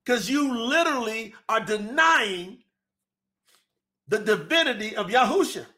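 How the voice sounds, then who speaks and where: A man's voice: very high voice, lively intonation, unhurried, bright, forceful tone. A man teaching about scripture translation as host, speaking emphatically and firing off rhetorical questions. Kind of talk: religious teaching talk.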